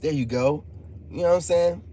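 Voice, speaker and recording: A man's voice: fairly high pitch, moderate pace, mellow, slight background noise. A man, hosting a casual live stream, joking and reading chat aloud. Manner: joking, laid-back, reads chat aloud. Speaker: channel host talking to live chat.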